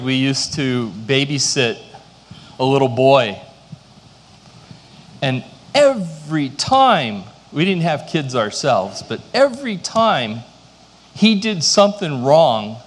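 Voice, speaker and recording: A middle-aged man preaches a sermon at an unhurried, deliberate pace. His voice sits a little higher than most men's and moves up and down with lively expression as he tells stories with self-deprecating humor. The sound hangs in a large hall with long reverb. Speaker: pastor.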